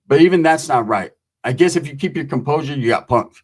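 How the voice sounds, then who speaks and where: A man's voice: on the high side, animated, brisk, slightly rough. A man telling prison stories in casual, profane street talk, acting out the voices of the people in them. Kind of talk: casual storytelling.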